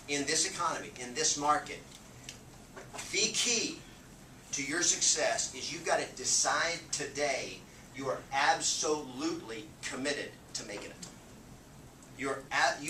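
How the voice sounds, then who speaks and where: Punchy motivational guy, highish voice, echoey room, kinda far from the mic, noisy. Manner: energetic, punchy, keeps asking "okay?". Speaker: real estate sales trainer. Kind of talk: motivational training talk. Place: meeting room with a live audience.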